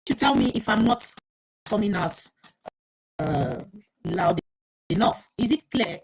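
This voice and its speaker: A woman with a slightly husky, breathy voice hosts a live-streamed call-in program about relationships. She talks informally and repeats herself, breaking off to share the stream with viewers and check her volume. Her pitch sits in a middling range. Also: animated, slow pace, pauses often, dry recording, poor audio. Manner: repetitive, stops to handle viewers' sharing requests. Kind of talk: live-streamed talk show. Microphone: live stream mic, checking volume.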